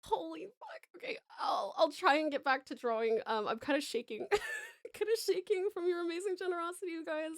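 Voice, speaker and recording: A woman's voice: very high-pitched, sing-song, fairly quick, dry recording, studio quality. An Australian woman from Tasmania chatting with viewers on a live stream, gushing with thanks and swearing casually.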